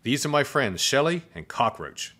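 A man voicing a friendly, easygoing zombie schoolboy in a storybook read-aloud, in a relaxed, chatty way. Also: mid-range voice, moderate pace, pitched above the performer's own voice.

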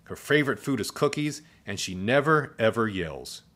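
A man voicing a friendly, easygoing zombie schoolboy in a storybook read-aloud, in a relaxed, chatty way. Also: mid-range voice, moderate pace.

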